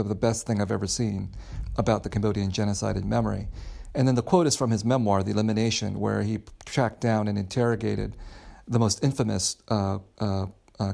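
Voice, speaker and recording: Male author guest, gravelly and a bit husky, speaks thoughtfully and at length. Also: fairly low pitch. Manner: rambling, repeats words while thinking, animated. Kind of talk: thoughtful interview answer.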